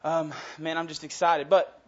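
A young man preaches as a college pastor, talking with eager, chatty energy and reading scripture aloud. His voice sits a bit high for a man. The church recording sounds dull and lo-fi. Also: level tone, moderate pace. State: out of breath. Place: church sanctuary.

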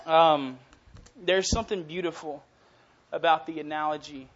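A man's voice: on the high side, fairly even intonation, moderate pace, fairly bright tone, dull audio. A young man in his twenties preaching a casual, earnest sermon that swells into passionate emphasis. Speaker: youth preacher.

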